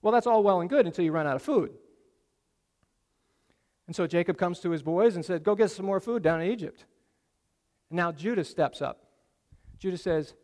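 A man preaching a sermon, retelling a story in a casual, animated way with asides to his listeners. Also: high voice, moderate pace, pauses often, big-room sound. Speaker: pastor.

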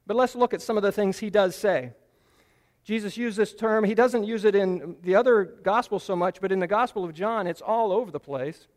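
A man with a fairly high voice preaches an earnest, explanatory Bible teaching sermon. He slows down and stresses key phrases to drive them home, and his voice rings out with the long reverb of a large hall.

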